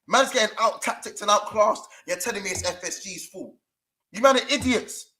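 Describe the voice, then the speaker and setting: A young man with a London accent rants to camera about his team, swearing and piling on street slang. His voice sits high and comes across bright and sharp, restless with anger. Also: normal speed, low-quality recording. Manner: furious, swearing, slang-heavy rant. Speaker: fan channel presenter. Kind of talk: angry fan rant to camera. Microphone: camera mic.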